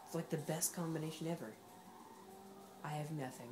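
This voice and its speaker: A woman's voice: deep voice, fairly even intonation, normal speed, noisy background. A woman giving casual, sarcastic commentary while playing a racing game, talking back at the game's characters. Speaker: gameplay commentator.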